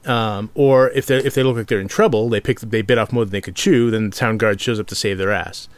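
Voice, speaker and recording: A man talking casually about tabletop games as a podcast co-host, halting often with fillers and restarts. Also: lowish voice, steady tone, no room sound. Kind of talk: casual discussion.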